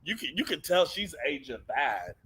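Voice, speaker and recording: A man's voice: a little high, big pitch swings, moderate pace, bright, forceful tone, husky. A young man co-hosting a casual streamed chat, blunt and frank, reading viewer questions aloud. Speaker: co-host.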